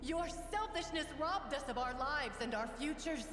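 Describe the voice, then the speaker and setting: Vengeful spirit of murdered women, solemn, accusing, echoey, long reverb. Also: female voice, high voice, expressive, moderate pace, fairly bright tone, slight background noise. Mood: condemning.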